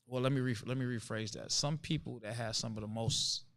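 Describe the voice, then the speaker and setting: Guy hosting a laid back chat, earnest and emphatic, says stuff twice to make it stick, middle pitch. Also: steady tone, fairly quick, fairly bright tone. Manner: earnest, emphatic, repeats points. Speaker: host. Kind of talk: casual conversation.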